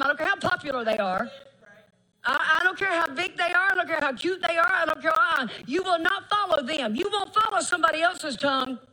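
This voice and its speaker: A middle-aged woman preacher, delivering a folksy, emphatic sermon with drawn-out phrases and laughter. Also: very high-pitched, pushed and bright, rough recording.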